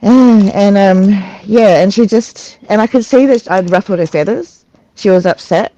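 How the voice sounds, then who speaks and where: At a recovery meeting held on an online video call, an adult tells their story candidly, stopping and restarting often and filling gaps with fillers and laughs. Their mid-range voice is mellow, and the audio quality is lo-fi.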